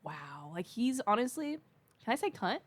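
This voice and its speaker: Woman podcast cohost, super lively swoopy voice, slangy and full of likes. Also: lowish voice, normal speed. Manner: gushing, filler-heavy, slangy. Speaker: podcast co-host. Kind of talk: casual podcast chat.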